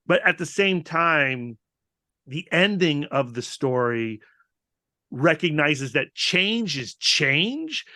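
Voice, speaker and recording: A man's voice: a little high, lively intonation, slow pace, bright, forceful tone, no room sound, studio quality. A man co-hosting a podcast over a video call, musing in a reflective, rambling way with frequent restarts. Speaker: podcast co-host. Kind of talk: casual podcast discussion.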